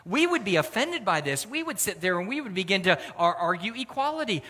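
A man preaching a sermon in a relaxed, conversational way, with lively emphasis. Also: high-pitched, fairly quick, hardly any pauses. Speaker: pastor. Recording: long hall reverb.

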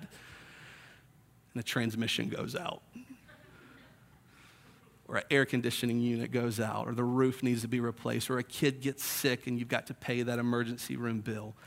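A man's voice: mid-range voice, moderate pace, creaky, long pauses, bright, forceful tone. A man in his thirties preaching a sermon in a conversational way, acting out the voices he quotes. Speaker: pastor.

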